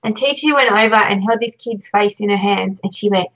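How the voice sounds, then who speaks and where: An Australian branding designer, appearing as a guest on a casual podcast, tells a chatty anecdote and acts out the voices of people she quotes. Her medium-pitched voice is a bit bright, moving at a moderate pace with few pauses, though the audio is dull.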